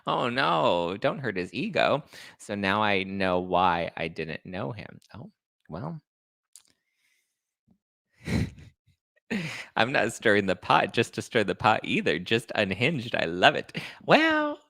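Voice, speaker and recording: Sassy guy hosting a live chat show, voice jumps all over the place, gravelly fry, dry close mic. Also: on the low side, no echo. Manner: sassy, animated, quick to fire up with bursts of loud outrage. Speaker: podcast host reading live chat. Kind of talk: casual livestream chat.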